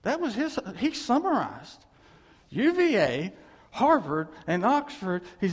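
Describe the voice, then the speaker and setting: Animated man preaching in a reverberant hall. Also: sits high, takes it slowly, breathy edge. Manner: animated, laughing, acts out quoted voices. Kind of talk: sermon storytelling.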